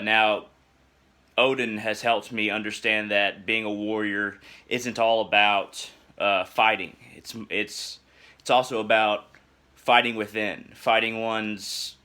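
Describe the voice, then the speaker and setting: A young adult man speaking a personal reflection in a halting, earnest way, full of filler sounds and restarts as he searches for words. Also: on the low side, pushed and bright.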